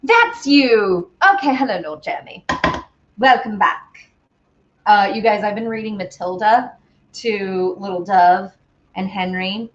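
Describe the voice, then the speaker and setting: Here the woman sounds medium-pitched and measured, captured in lo-fi audio with slight background noise. Mixing in her home kitchen during a casual baking stream, she keeps up a rambling, chatty conversation with her viewers and pets.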